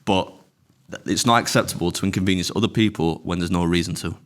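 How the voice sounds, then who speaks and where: A man's voice: deep voice, fast talker. A man, co-hosting a casual podcast, ranting with indignation about people who inconvenience others. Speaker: podcast co-host. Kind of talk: casual chat.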